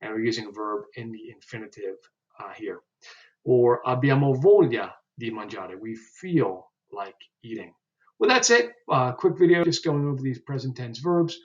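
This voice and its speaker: A man teaching a language lesson, carefully pronouncing example phrases slowly and explaining them with frequent fillers. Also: mid-range voice, a little mellow, muffled recording. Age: older than twenty, joking about it. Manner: slow, deliberate pronunciation of example phrases with uh fillers. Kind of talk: explaining vocabulary step by step.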